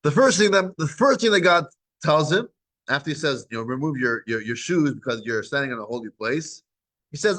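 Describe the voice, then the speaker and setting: A man teaching a weekly scripture class, retelling the text as lively back-and-forth dialogue, with frequent restarts. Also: on the high side, fairly quick, low-quality recording.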